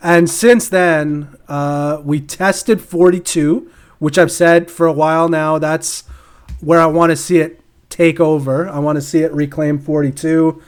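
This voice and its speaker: A man's voice: fairly high pitch, fairly even intonation, measured pace. Rambling man co-hosting a crypto podcast. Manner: rambling, laughs often, many fillers and restarts. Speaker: podcast co-host. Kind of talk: casual crypto market chat.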